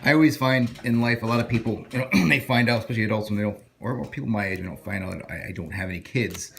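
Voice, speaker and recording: A man's voice: mid-range voice, big pitch swings, fast, hardly any pauses, a bit bright, a little hiss or hum. Male comic vlogger, loose and rambling, pokes fun at himself, phone-recorded. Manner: rambling, self-deprecating, many restarts. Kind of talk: casual vlog talk.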